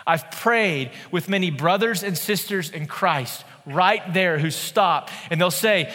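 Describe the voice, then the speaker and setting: A man in his thirties preaching a sermon in a church, conversational and animated, with playful asides. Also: high-pitched, takes it slowly, hardly any pauses, long reverb tail. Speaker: pastor.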